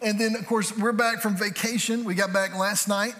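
A middle-aged male pastor preaching a sermon in a church, joking and conversational with quick asides. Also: high-pitched, fairly even intonation, sharp tone. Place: church sanctuary. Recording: hall reverb from a church sanctuary.

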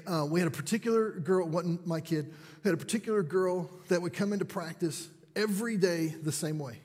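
Man, higher pitched and a bit husky, animated storyteller poking fun at himself, big hall echo. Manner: animated, self-deprecating storyteller. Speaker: parent and speaker. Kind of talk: storytelling talk to an audience.

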